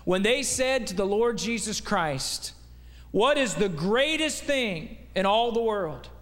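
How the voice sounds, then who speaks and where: A man's voice: high voice, expressive, takes it slowly, a bit bright, in a large hall. A man preaching as a guest preacher, delivering a folksy, conversational sermon full of rhetorical questions. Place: church sanctuary.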